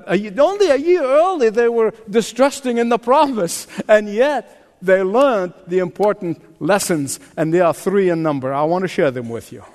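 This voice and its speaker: An older man preaching a sermon as pastor, emphatic and drawing responses from the congregation. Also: high-pitched. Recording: long reverb of a large hall.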